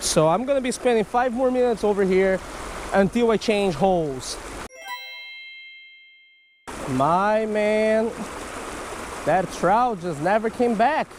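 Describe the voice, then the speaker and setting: Excitable man fishing a creek. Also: high voice, a little hiss or hum. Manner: excitable, swings from hushed to yelling. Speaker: fishing vlogger. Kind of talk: casual outdoor fishing vlog. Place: outdoors by a creek.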